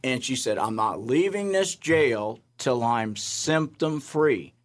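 Male chaplain guest, mid-range voice, animated storyteller who voices the people in his stories. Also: mid-range voice, takes it slowly. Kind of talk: storytelling testimony.

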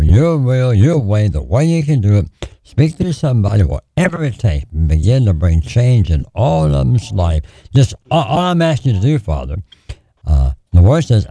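A man preaching and praying on the radio in a lively, pleading, repetitive cadence. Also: lowish voice, no echo. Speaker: radio preacher taking prayer calls.

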